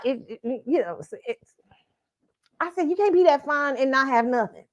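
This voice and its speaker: Woman host, high and very expressive voice, loose, profane, laughing pop culture chat. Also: brisk. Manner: animated, laughing, swearing freely, acts out her own reactions. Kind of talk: casual pop culture commentary.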